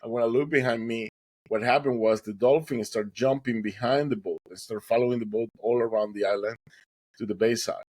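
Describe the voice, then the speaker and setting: A man's voice: medium pitch, fairly even intonation, brisk, darkish tone, slightly rough, dry recording, poor audio. Earnest man recounting his rescue. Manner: earnest, dramatic retelling with acted quotes. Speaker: podcast guest. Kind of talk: personal storytelling.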